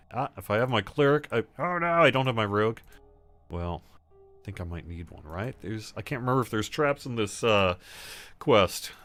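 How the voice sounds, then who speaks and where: A man's voice: on the low side, fairly bright tone, dry recording. A man hosting a casual gaming livestream, chatting loosely and answering viewer questions as he plays. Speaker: livestream host.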